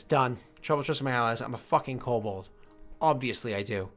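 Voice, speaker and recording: A man's voice: medium pitch, fairly quick, fairly bright tone, faint music behind. A man streaming casually, rambling and joking to his chat, muttering asides and swearing now and then.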